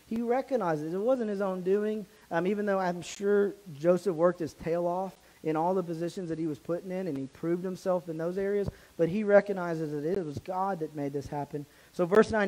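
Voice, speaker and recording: A man's voice: sits high, moderate pace, few pauses, darkish tone, low-quality recording. A man, a pastor, preaching a sermon, reading scripture aloud and then commenting on it in a casual, conversational way. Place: church sanctuary.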